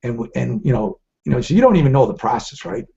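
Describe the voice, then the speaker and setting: A man's voice: medium pitch, expressive, quick pace, vocal fry, warm tone. A middle-aged man hosting a live trading webcast, drifting from one story to the next. He restarts his sentences often and rambles freely. The audio is dull and lo-fi. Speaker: trading show host.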